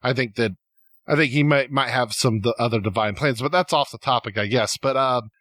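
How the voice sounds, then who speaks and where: In a casual podcast chat, a male co-host works through fan theories, hesitant and constantly starting over as he veers into tangents. His mid-range voice is a bit bright, with no echo.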